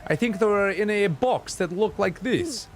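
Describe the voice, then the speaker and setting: A man's voice: high-pitched, normal speed, pitched above the performer's own voice. A man voicing a polite, earnest young woman researcher in a video game. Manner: polite and formal.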